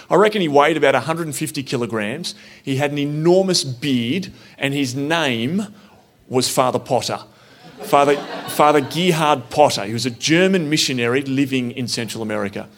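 A man telling a personal story in an earnest, reflective, conversational way. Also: medium pitch. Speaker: speaker telling his story.

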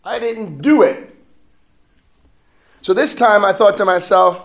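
A middle-aged man, a priest, preaching a sermon as he tells a personal story, gently and with frequent laughter. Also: high voice, slow, echoey room. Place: church.

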